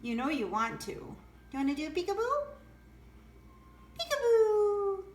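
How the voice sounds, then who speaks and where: A woman's voice: high-pitched, very animated, fast talker. A woman talking to her pet bird in sing-song baby talk, coaxing and cooing at home. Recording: roomy with faint noise.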